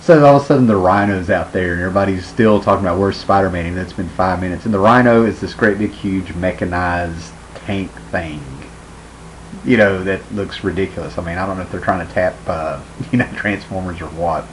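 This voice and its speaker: Low-voiced guy chatting loosely about a movie he saw, lots of "you know"s and little laughs. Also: a little fast, slight background noise, rough recording. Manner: chatty, heavy on fillers like "you know", chuckles often. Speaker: movie reviewer. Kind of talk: casual rambling film review.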